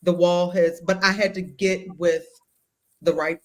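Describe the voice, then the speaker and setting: Reflective woman with halting speech. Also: on the low side, fairly even intonation. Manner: reflective, halting, restarts often. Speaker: podcast co-host. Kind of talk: casual chat.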